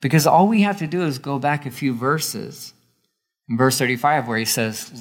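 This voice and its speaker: A man's voice: medium pitch, moderate pace. A man giving a sermon as a pastor, casual and emphatic, repeating key lines for weight.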